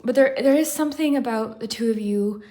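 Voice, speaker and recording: A woman's voice: fairly high pitch, fairly quick, dark tone. A woman giving a casual pick-a-card tarot reading, out of breath and rambling with lots of fillers. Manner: chatty, rambling, many "like" fillers. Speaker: tarot reader.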